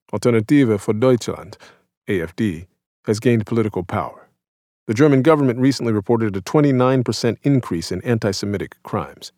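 A man in his thirties from the United States, reading his own essay aloud in a measured, reflective and somber way. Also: fairly low pitch, a little mellow, no room sound, clean studio sound. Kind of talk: scripted narration.

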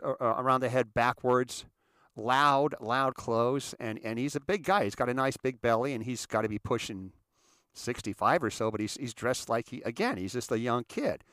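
Man, mid-pitch, animated storyteller, stumbling repeats, dry close sound. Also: no room sound. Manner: animated, repeats words, quick asides. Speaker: author answering audience questions. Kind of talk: casual anecdotal storytelling.

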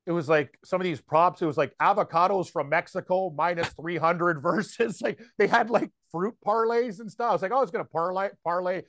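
A man co-hosting a sports betting podcast, chatting casually in a rambling, excitable way with lots of fillers. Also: high-pitched, moderate pace, few pauses, slight background noise. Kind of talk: casual chat.

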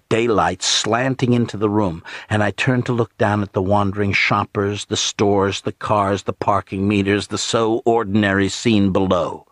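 A man narrating an audiobook in the first person, in a measured, steady manner, on a close studio mic. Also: low voice, no echo.

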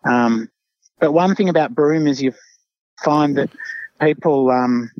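A man's voice: fairly high pitch, a little slow, no echo. A man hosting a podcast, chatting casually and hesitantly with many restarts. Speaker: podcast host. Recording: dull dry lo-fi sound.

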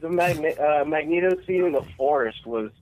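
A man calling in to a show, chatting in a relaxed, joking way. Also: a little high, moderate pace, low-quality recording. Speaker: caller. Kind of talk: call-in chat.

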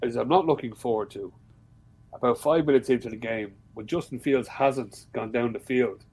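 A man with an Irish accent talking loosely on a podcast, full of swearing and lively asides. His voice sits at an ordinary middle pitch. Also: normal speed, husky, rough recording. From Ireland. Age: adult, with a father-in-law. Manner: swears freely, animated storytelling. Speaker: podcast guest. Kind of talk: casual chat.

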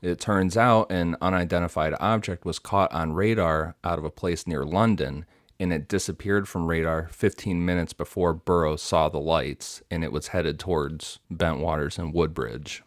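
Podcast host, male, very low voice, dry close sound, relaxed storytelling. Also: moderate pace, dry recording. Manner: reads story details with asides and fillers. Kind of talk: casual storytelling from notes.

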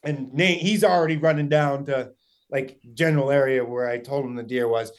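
A young man recounts a story in an easy, casual way, full of fillers and acted-out quotes from friends. His voice sits mid-pitch and gets animated as the tale builds. He talks into a podcast microphone. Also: moderate pace. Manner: excited, rambling, many fillers and quoted dialogue. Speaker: guest hunter.

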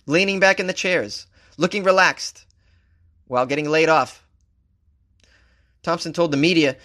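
A comedian hosting a podcast talk show tells a story casually, firing off wisecracks and laughing at his own lines. His pitch shifts animatedly as he goes.

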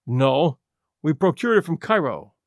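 A blunt doctor, played by a man in an audiobook, folksy and dismissive. His voice is lower than the reader's own and dry. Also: sing-song, unhurried, no room sound. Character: blunt middle-aged male American doctor. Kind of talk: audiobook character voice.

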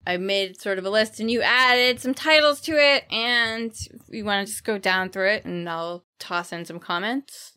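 A woman's voice: medium pitch, normal speed, few pauses, pushed and bright, clean tone. A woman co-hosting a podcast, chatting casually with lots of fillers and an occasional laugh. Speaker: podcast co-host. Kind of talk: casual chat.

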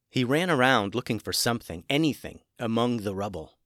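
A man hosting a children's podcast and narrating a storybook in a gentle, measured way. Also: medium pitch, lively intonation, no echo, clean studio sound.

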